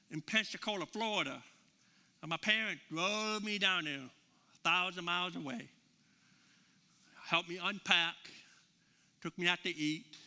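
A middle-aged man preaching a sermon in a high, piercingly bright, forceful voice. He tells stories casually, with lots of fillers and restarts. His voice rings out with a long hall echo. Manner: conversational storytelling with many fillers and repeats. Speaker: pastor. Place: church sanctuary with a live congregation.

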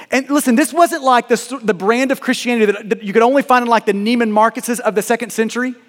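A man's voice: extremely high pitch, quick pace, hardly any pauses, long reverb tail. A man preaching a sermon as a pastor, earnest and emphatic, often repeating words as he presses a point.

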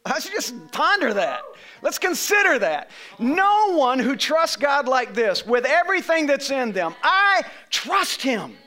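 A man preaching a sermon to a congregation, emphatic and rising to shouts on key phrases, leading call-and-response. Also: extremely high pitch, sing-song, measured pace. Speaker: pastor. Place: church sanctuary.

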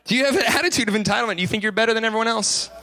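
A male pastor delivering an animated sermon in church. His voice sits high and rings bright and forceful. He slips in quick playful impressions of the people he describes. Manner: animated preaching, acting out quoted voices.

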